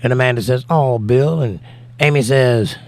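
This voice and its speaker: A man's voice: mid-range voice, normal speed. A man with a Southern US accent, hosting a casual livestream and reading chat messages aloud. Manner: reads chat messages aloud and answers them warmly. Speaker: livestream host and singer. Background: guitar playing.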